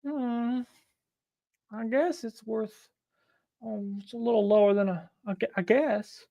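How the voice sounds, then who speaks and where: Man playing a soft-spoken elderly woman seller, hesitant, fond "honey" talk, dry close sound. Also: sits high, steady tone, unhurried, creaky, no echo, pitched above the performer's own voice.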